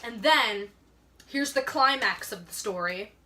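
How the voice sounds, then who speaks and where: A young woman tells a story on a casual podcast. Her voice sits a bit high and sounds bright. She rambles, filling her talk with "like," and there is a faint hiss behind her. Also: expressive, measured pace. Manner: rambling, heavy use of "like", laughs often. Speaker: podcast co-host.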